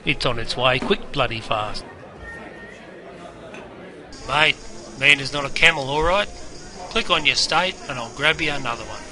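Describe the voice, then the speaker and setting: A man's voice: medium pitch, a little slow, pauses often, pushed and bright, some chatter behind. An Australian-accented man playing a brash, chummy pub barman who talks in slangy, matey banter. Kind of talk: scripted character narration.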